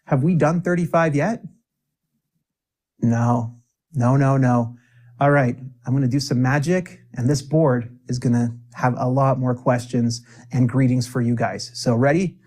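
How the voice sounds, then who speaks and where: An upbeat man teaches a spoken English lesson in a voice of ordinary pitch. He coaxes his learners along and says each example phrase slowly and clearly so they can repeat it back. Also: steady tone, a little mellow.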